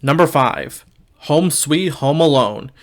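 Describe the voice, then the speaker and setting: Young male film reviewer with a slightly raised pitch and a candid, wry delivery. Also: animated, takes it slowly, background noise. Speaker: movie reviewer. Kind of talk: casual video review.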